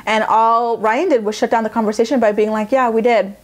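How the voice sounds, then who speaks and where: A young woman vlogger recaps in a casual, chatty way, sassy and full of opinions. Her voice sits fairly high, and her tone stays quick to judge and playful. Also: fairly even intonation.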